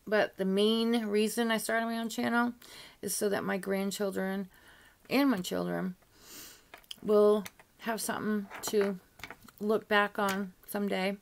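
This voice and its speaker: An older woman talks straight to her viewers in a relaxed beauty-vlog chat. Her voice sits in an ordinary middle range, and she drifts from point to point with easy asides and little laughs. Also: mid-range voice, measured pace, vocal fry. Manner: chatty and rambling, with frequent "you know" asides and light laughs. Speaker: beauty vlogger. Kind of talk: casual chat to camera.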